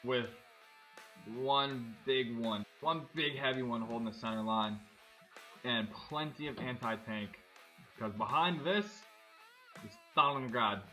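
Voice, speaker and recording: Man, very bright sharp voice, casual gameplay commentary, chatty, thinks aloud. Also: medium pitch, a little slow, faint music behind. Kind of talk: casual let's-play commentary.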